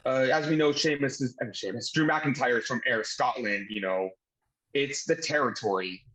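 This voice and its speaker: A man from the United States hosting a casual wrestling review chat, excitable and swearing freely. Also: medium pitch, moderate pace, poor audio. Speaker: podcast host.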